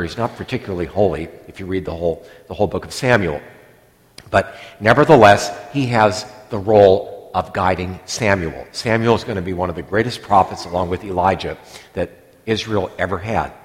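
A middle-aged priest preaches with a rather low voice, chatty and digressive, now and then acting out the words of the people in his story. His voice rings with the long reverb of a church hall. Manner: conversational, digressive, acts out quoted lines. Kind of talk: sermon.

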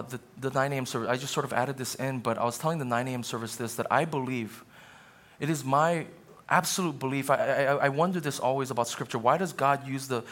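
A man in his thirties preaching a sermon in a church, shifting between soaring, emphatic passages and quiet, conversational asides. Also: mid-range voice. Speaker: pastor. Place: church sanctuary.

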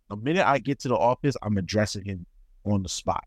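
A man co-hosting a casual podcast, telling a work story with animated, swear-laced reenactments. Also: quick pace, dry recording. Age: adult, calls himself too old for that. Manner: animated, acts out quotes with sharp pitch jumps, swears freely. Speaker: podcast co-host.

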